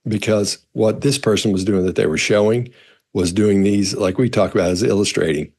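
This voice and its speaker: A man's voice: fairly low pitch, steady tone, normal speed, darkish tone, breathy edge. A man, a body language expert, casually answering viewer questions in a rambling way, often restarting his phrases. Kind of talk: casual explanatory talk.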